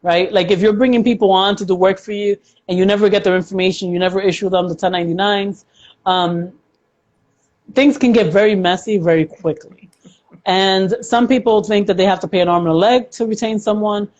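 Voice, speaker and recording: A woman's voice: medium pitch, steady tone, fairly quick, a little mellow. A woman accountant speaks as a guest in a casual interview, her voice sitting in a middle range. She explains things in a chatty way, using examples and plenty of fillers. Her audio sounds dull and lo-fi, like a call recording.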